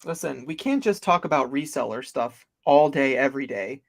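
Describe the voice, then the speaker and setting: A man's voice: medium pitch, animated, moderate pace, creaky. A man co-hosting a livestream, chatting casually in a rambling, amused way. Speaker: livestream co-host.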